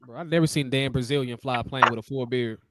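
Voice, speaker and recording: A man hosting a casual live-stream chat, talking loud, animated and full of slang. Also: mid-range voice, fast, a crowd in the background. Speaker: host.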